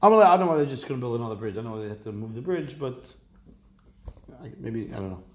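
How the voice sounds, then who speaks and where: A man teaching a relaxed Talmud class as a rabbi, reading Aramaic phrases and then explaining them in casual, wry asides. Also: medium pitch, fast.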